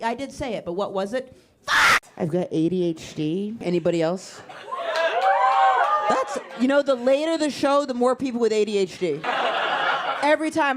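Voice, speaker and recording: Swearing woman comic working a loud crowd. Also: fairly high pitch. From Maine. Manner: loose, swearing, riffing with the audience. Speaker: stand-up comedian. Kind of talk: stand-up crowd work. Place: comedy club stage before a live audience. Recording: live club recording with crowd laughter and noise.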